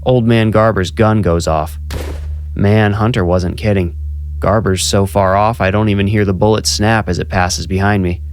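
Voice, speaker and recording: A man's voice: lowish voice, fairly even intonation, moderate pace, soft background music. A man narrating a first-person horror story in a tense, conversational storytelling manner.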